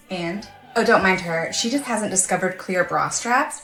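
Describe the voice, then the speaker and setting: Woman, casual sales pitch, breezy, echoey room. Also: big pitch swings, slow pace, a bit bright, soft background music. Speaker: influencer. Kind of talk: comedy sketch with sponsored ad.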